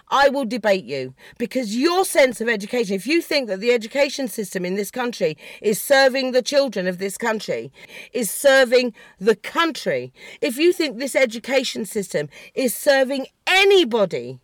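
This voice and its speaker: A woman's voice: fairly high pitch, sing-song, normal speed, no echo, studio quality. A woman delivering an impassioned, blunt and profane political rant, heated and sarcastic. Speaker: political commentator. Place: in the country she discusses.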